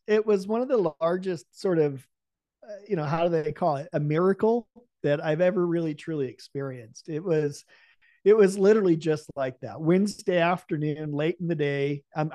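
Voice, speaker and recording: Man, podcast guest, storytelling, acts out dialogue, slightly higher voice, dry close sound. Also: dry recording. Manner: animated, acts out the dialogue of his story with lively laughs. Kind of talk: telling a personal story in an interview.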